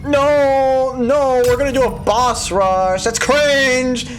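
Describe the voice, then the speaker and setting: A man giving let's play commentary as a gaming video creator, with loud, joking outbursts. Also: very high voice, fairly even intonation, takes it slowly, slight background noise.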